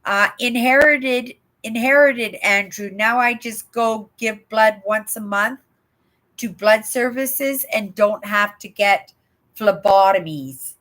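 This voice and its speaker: Older lady chatting on her livestream, bright voice, talks slow, reads out comments and keeps asking "right?". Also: on the high side. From Canada. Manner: chatty, reads viewer comments aloud, rambling asides, frequent "right?". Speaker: livestream host. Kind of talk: casual live chat reading comments.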